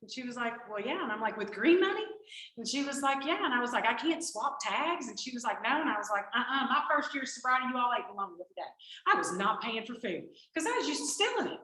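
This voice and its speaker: A woman tells her personal recovery story to a group in an animated, storytelling way. Her voice sits a little high and rings bright and forceful. The recording is echoey, as in a meeting room. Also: rapid-fire. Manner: animated storytelling, acts out quoted exchanges. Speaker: recovery speaker. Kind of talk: personal testimony talk.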